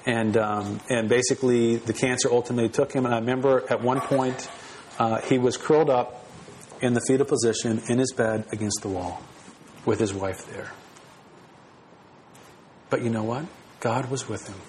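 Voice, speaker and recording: A man's voice: mid-range voice, fairly even intonation, normal speed, pauses often, a little mellow, rough recording. Earnest preaching man, faint noise. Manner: earnest, personal, with repeated phrases and small restarts. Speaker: pastor. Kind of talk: sermon.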